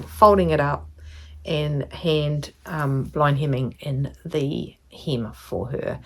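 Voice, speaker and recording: A woman's voice: sits low, fairly bright tone. A woman craft vlogger chatting casually to camera, rambling with lots of ums. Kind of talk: casual sit-down chat to camera.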